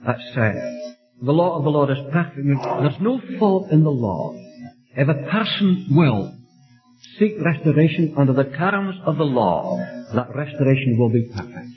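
Male Bible study leader, emphatic repeated phrasing, animated pitch, faint music under a muffled old recording. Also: normal speed. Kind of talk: Bible teaching.

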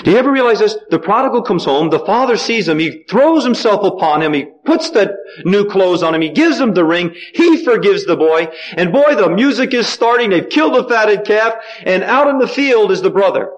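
A man preaching a sermon, asking the congregation questions and letting them call back the answers, with sudden swings in pitch and pace. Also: lively intonation, fairly quick, hardly any pauses, poor audio. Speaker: pastor.

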